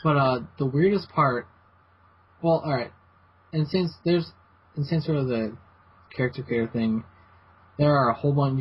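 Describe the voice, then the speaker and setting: A man's voice: mid-range voice, husky. Rambling man on a lo-fi podcast. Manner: rambling, halting, many restarts. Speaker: podcast host. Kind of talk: casual gaming podcast chat. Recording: dull lo-fi podcast audio with faint hiss.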